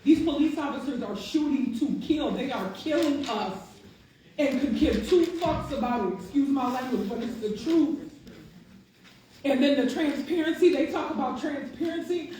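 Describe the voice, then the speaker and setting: A woman near tears gives public testimony as a grieving mother, her voice high but mellow in tone. She speaks impassioned and insistent, pressing her questions. She is picked up from a distance in a very echoey hall with faint hiss. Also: normal speed.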